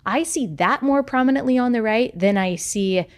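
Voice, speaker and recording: A woman's voice: on the high side, moderate pace. A woman speaking as a guest in an interview, choosing her words carefully. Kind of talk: interview talk.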